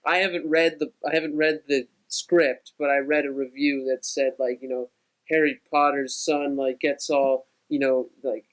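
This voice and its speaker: A man co-hosting a casual podcast, chatting in a halting, conversational way. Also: medium pitch, little pitch movement, poor audio.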